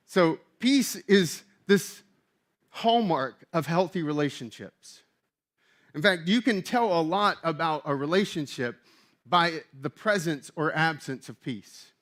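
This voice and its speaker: A man preaching a sermon as pastor, in an animated, emphatic and conversational way. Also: fairly high pitch.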